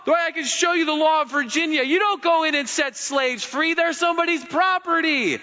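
A man's voice: high voice, very animated, moderate pace, a bit bright. A man voicing indignant religious critics who scold and accuse. The recording is dull, with long hall reverb.

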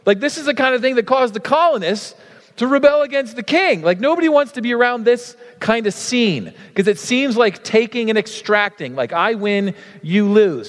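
A male pastor preaching a sermon in a casual, animated way, full of fillers. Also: high voice, unhurried, big-room sound.

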